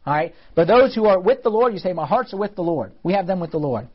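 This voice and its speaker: A man with a high voice gives a relaxed church lesson to a class, checking in with quick questions as he goes. The recording sounds dull and lo-fi. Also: slightly rough. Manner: conversational, asks the class questions. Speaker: church teacher. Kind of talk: casual teaching talk on liturgy.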